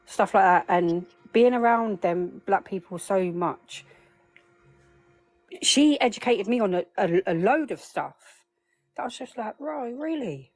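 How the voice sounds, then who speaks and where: A woman, a guest on a live stream, chatting emotionally and rambling over her phone. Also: mid-range voice. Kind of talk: casual live-stream chat.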